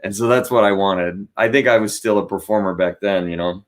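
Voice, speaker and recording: Lively comedian telling stories. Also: male voice, fairly low pitch, fairly quick. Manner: animated storyteller who acts out voices. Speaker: guest comedian. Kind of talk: casual interview chat.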